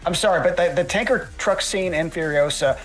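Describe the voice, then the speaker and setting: A man's voice: high voice, fairly quick, soft background music. A man chatting casually as a podcast guest, rambling and swearing, often restarting his sentences. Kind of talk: casual chat.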